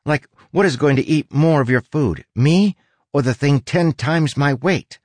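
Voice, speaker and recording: A man's voice: fairly high pitch, measured pace, darkish tone, dry recording, pitched above the performer's own voice. A man doing a whiny, grumpy talking rat. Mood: grumbling. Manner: whiny, grumbling.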